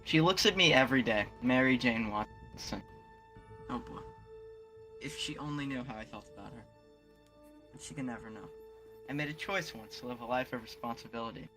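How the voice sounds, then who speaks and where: A man's voice: mid-range voice, moderate pace, long pauses, over music, lightly acted. A man playing a young earnest hero, delivering a solemn, dramatic inner monologue. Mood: brooding.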